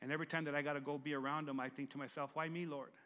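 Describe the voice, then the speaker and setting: A middle-aged pastor preaches a sermon with a stutter, repeating words as he forces through them, talking very fast in a level tone. His high, bright voice falls to near-whispers and climbs to loud, emphatic calls, with a long reverb from a large church hall trailing every phrase.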